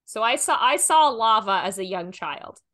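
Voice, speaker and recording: A woman co-hosting a relaxed podcast, trading playful, dry jokes. Her voice sits a little high and sounds very bright and sharp. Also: normal speed. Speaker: podcast co-host. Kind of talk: casual podcast chat.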